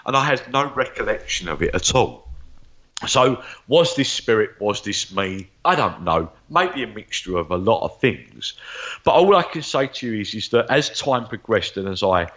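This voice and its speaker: A man's voice: fairly low pitch, very animated, normal speed, fairly bright tone, muffled recording. A man, a psychic medium, telling stories from his life in an interview, rambling and repeating words as he goes. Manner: rambling, repeats words, acts out remembered dialogue. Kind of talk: interview storytelling.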